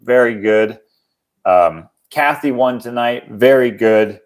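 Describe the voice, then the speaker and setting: A man's voice: medium pitch, takes it slowly. A young man from Canada hosting a casual livestream, joking around and reading viewer comments aloud. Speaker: livestream host.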